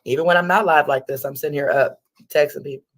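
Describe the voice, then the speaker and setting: A woman's voice: low voice, steady tone, fast. Chatty woman hosting a livestream. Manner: chatty, swears freely, scolds her dog. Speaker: livestream host. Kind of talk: casual livestream chat.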